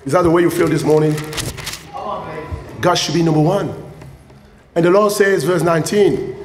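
Animated high-voiced preacher in an echoey hall. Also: male voice, normal speed, pauses often. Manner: lively, animated, playful preaching. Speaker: pastor. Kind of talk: sermon. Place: church sanctuary. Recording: echoey church hall with faint ambience.

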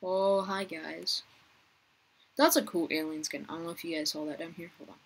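Husky young woman chatting over gameplay. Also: lowish voice, steady tone, moderate pace, low-quality recording. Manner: chatty, talks to viewers and players on screen. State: rough, uncooperative voice, clearing throat. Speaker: gaming youtuber. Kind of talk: casual gameplay commentary.

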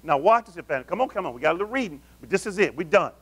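High-pitched animated preacher man. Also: very fast, slightly rough. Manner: animated call-and-response preaching, addresses the congregation as family. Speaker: pastor. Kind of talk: sermon.

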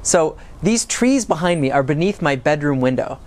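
A man's voice: fairly high pitch, moderate pace. A man hosting an educational science video for children, talking outdoors by some trees and putting questions to the viewer. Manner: animated, asks the viewer questions. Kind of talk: educational video lesson for kids.

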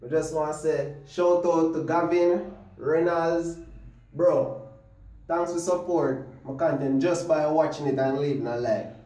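Brief: relaxed male reaction host, unhurried slangy chat, roomy echo. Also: on the high side. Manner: laid-back, slangy, laughs along. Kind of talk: casual reaction commentary.

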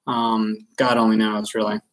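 A man's voice: on the low side, level tone, unhurried, slight background noise, rough recording. A man from Maryland chatting casually on a live stream, self-deprecating and full of ums and uhs. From Maryland, USA. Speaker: live-stream card breaker. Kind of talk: rambling live-stream chat.

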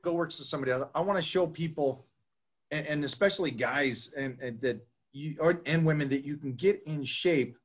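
A man's voice: a little high, normal speed. A middle-aged man hosting a casual interview chat, enthusiastic and often restarting his sentences. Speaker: host.

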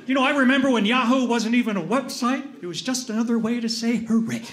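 A man's voice: very high-pitched, fast, noisy background. A man doing a stand-up comedy routine on a club stage, ranting in a grumpy, exasperated way into a handheld mic.

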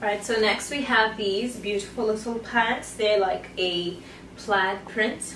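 A woman's voice: medium pitch, steady tone, unhurried, a bit bright. Young woman, chatty try-on haul talk, playful and sassy, echoey room, mic set back. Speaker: fashion vlogger. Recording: roomy, mic far off, faint noise.

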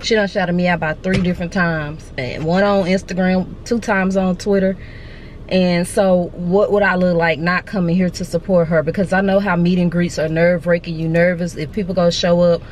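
A woman vlogging casually, chatty and excitable, talking straight to her viewers while out at a mall. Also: lowish voice, moderate pace, a little hiss or hum. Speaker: beauty vlogger. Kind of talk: casual vlog chat to camera. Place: out and about in a mall and car.

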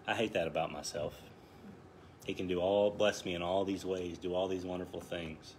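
A man in his thirties teaching a Bible passage in a relaxed, conversational way, joking at his own expense. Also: low voice, moderate pace, a little hiss or hum. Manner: conversational, self-deprecating, chuckles often. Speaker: Bible study leader. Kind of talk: casual Bible study teaching.

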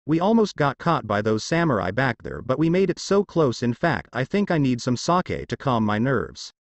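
A man's voice: medium pitch, sing-song, moderate pace, no echo. A man voicing an aging, nervous bridge builder in a fan story. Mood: urgent. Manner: urgent, relieved.

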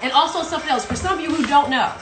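The same kind of casual livestream chat: a Southern-accented host from South Carolina talks playfully from her home in Brooklyn. Her high voice comes out rapid-fire in an echoey room with background music.

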